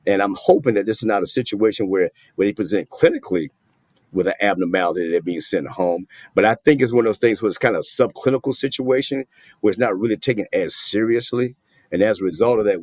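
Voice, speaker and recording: A man's voice: lowish voice, darkish tone, breathy edge, no room sound. A middle-aged man, a doctor, speaking earnestly and emphatically as a guest in an interview. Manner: earnest, emphatic, plain-spoken. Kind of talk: interview conversation.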